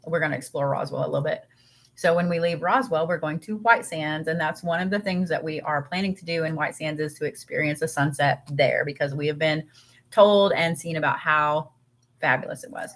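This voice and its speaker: A woman co-hosting a casual spiritual live stream, chatty and rambling with many fillers, tired and eating as she talks. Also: low-pitched. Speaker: co-host.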